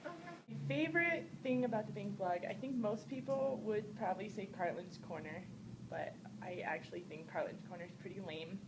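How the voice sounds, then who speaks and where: A woman's voice: mid-range voice, moderate pace. Frank, wry woman answering questions. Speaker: interviewee. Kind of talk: casual interview answers. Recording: noisy camera recording.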